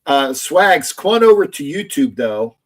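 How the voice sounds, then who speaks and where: A man hosting a casual sports livestream, loud, gloating and profane, repeating himself often. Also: on the high side, big pitch swings, unhurried. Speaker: livestream host.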